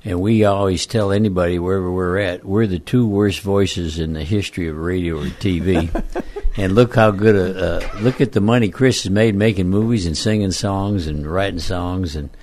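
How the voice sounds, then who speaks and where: An older man with a very low, croaky voice, like a frog by his own account. He talks in a folksy, self-deprecating way and rambles through his stories as a radio talk show guest. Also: fairly even intonation, normal speed, a little mellow, a little hiss or hum. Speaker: guest, former football coach. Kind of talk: casual radio interview storytelling.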